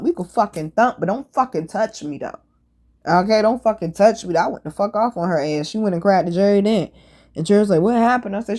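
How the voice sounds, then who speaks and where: Woman, storytelling host, animated, profane, laughing. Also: medium pitch. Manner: animated, profane, laughs while telling stories. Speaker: podcast host. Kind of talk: casual storytelling monologue.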